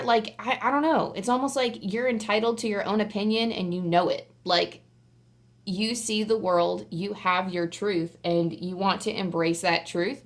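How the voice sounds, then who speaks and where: A woman giving a casual pick-a-card tarot reading straight to camera, talking in a chatty, rambling way full of "like" fillers and sometimes bursting into excited squeals. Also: on the low side.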